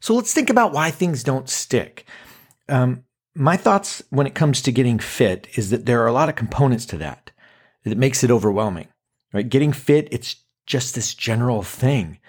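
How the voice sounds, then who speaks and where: A man in his forties hosting a casual monologue podcast, animated and self-mocking, acting out quotes with dramatic swings. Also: medium pitch, moderate pace, husky. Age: 40s. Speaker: podcast host.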